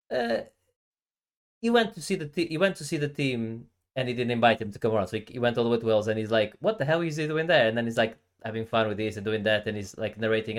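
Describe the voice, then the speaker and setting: A man with a fairly low voice, talking casually as a podcast co-host. He rambles through stories, circling back with fillers and restarts. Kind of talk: casual chat.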